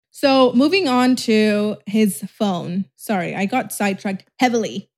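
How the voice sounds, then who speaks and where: A woman hosting a podcast, telling a personal story in a fast, emphatic, rambling way with casual cussing, close to the mic. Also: medium pitch, a little mellow. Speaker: podcast host.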